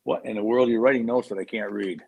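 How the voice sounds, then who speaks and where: A man's voice: on the low side, steady tone, quick pace, gravelly, a little mellow, husky. A man hosting a live online talk show from a hotel room, upbeat and joking. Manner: upbeat, joking, talks over tech trouble. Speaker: host. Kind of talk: live video show chat.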